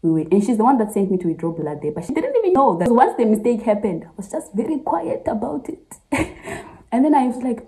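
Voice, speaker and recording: A woman's voice: medium pitch, very animated, quick pace, warm tone, rough recording. A young woman in her twenties vlogging casually, sharing an emotional personal story, talking straight to her viewers and laughing through tears. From Zambia. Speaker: medical student vlogger. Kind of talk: casual confessional vlog.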